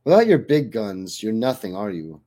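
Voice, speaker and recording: A man's voice: lowish voice, very animated, normal speed, dark tone, breathy edge. A man voicing a curt, defiant woman soldier. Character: sharp-tongued female soldier, guarded and proud.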